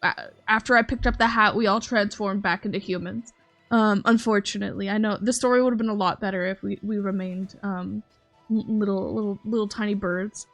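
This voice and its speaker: A woman's voice: mid-range voice, steady tone, brisk, a bit bright, faint music behind. A woman streamer telling a long story in casual chat, rambling with lots of "um"s and restarts and laughing often.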